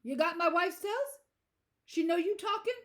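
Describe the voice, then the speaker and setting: A weary older man with a Southern US drawl, his speech slurred and gruff, as a woman narrator puts him on. He sits a little higher than her own voice and is delivered loudly, as in an audiobook. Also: takes it slowly. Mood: weary, suspicious.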